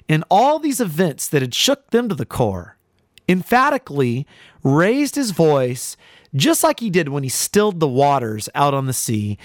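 Emphatic preaching man, lively pitch. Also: no echo, studio quality. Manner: slow, emphatic preaching that stretches key phrases and addresses the listener directly. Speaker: pastor. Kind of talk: radio sermon.

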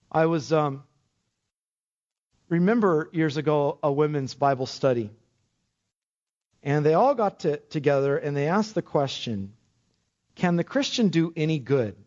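A man's voice: a little high, darkish tone. A man preaching a sermon to a congregation, speaking with emphatic, rising lines and frequent questions to his listeners. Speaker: pastor. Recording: dull lo-fi sermon recording.

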